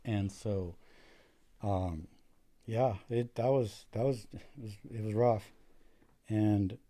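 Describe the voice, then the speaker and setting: A young adult American paramedic, on as a guest, speaks slowly in a fairly low, warm voice with fairly even intonation. His telling is relaxed and profane, full of "like" and an abundance of "dude."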